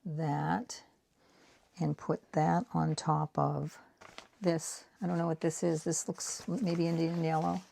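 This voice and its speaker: This Boston woman in her sixties talks slowly in a low, creaky, warm voice with little pitch movement, and a bit of hiss or hum sits under the recording. As an art vlogger, she chats casually and self-deprecatingly, wandering off topic while painting prints.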